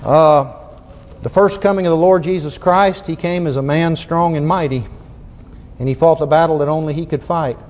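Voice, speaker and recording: A man's voice: on the high side, normal speed. A man preaching a sermon in a folksy, fervent way, often restarting his sentences as he goes. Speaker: pastor. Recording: muffled recording in a reverberant hall.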